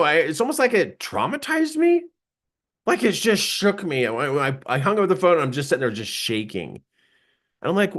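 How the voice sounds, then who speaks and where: A man giving a live seminar talk, telling a personal story in an animated way, laughing often and acting out quoted lines. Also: a little high, moderate pace.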